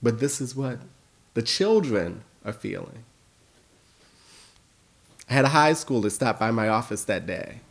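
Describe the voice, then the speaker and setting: A gravelly-voiced American man delivers an impassioned keynote, his pitch sitting in an ordinary middle range. He tells stories, dropping to near-hushed lines before rising into emphatic peaks. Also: sing-song, a little slow, pauses often. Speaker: keynote speaker and school principal. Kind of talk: keynote speech.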